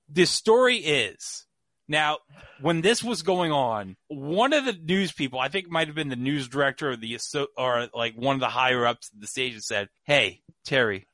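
A man's voice: on the high side, fairly bright tone, no room sound. A man hosting a podcast, telling a story in casual chat with lots of fillers. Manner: chatty storyteller, many fillers. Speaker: podcast host.

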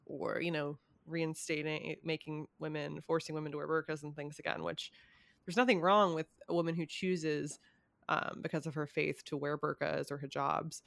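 A woman's voice: low voice, flat delivery, moderate pace, gravelly, fairly bright tone, dry recording. A young woman in a casual conversation about current events, hesitant with many ums and small laughs.

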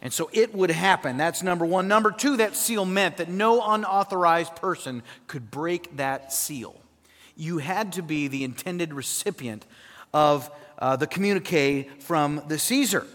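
High-voiced pastor preaching in a hall. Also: male voice, a little slow. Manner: animated preaching, asks the congregation for responses. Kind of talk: sermon. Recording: long hall reverb.

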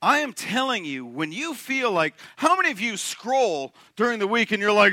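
A young man preaching a sermon to his congregation, animated and joking, often asking the room questions. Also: high-pitched, normal speed, hardly any pauses, no room sound. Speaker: pastor. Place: church sanctuary.

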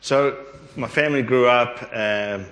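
A man's voice: medium pitch, a little slow, a bit bright. An older man giving a rambling testimony in a church hall, acting out the dialogue he recalls. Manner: rambling, acts out quoted dialogue. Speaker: church member sharing testimony. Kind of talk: storytelling testimony. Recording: echoey hall.

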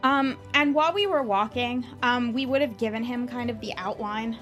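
Chatty female player, higher pitch, faint music. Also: normal speed, a bit bright. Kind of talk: casual tabletop play.

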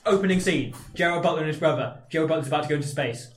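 A man's voice: on the high side, rapid-fire, loud music behind the voice. A man hosting a comedy podcast, giggling often as he reads aloud and improvises scenes. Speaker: podcast host.

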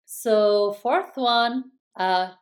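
A woman's voice: medium pitch, extremely slow. A woman, co-hosting a casual podcast and talking in a chatty way full of fillers. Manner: chatty, many fillers like "like" and "right?". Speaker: podcast co-host. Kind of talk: casual chat.

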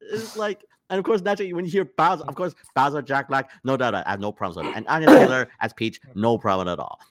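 A man's voice: medium pitch, lively intonation, fast talker, dry recording. A young man co-hosting a podcast, rambling with lots of fillers and emphatic complaints. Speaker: podcast co-host. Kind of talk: casual podcast chat.

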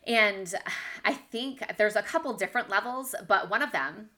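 A woman delivers a devotional teaching talk in a bright, clear-toned voice. She speaks candidly and conversationally, often laughing at herself. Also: medium pitch, measured pace. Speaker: Bible teacher for Christian moms.

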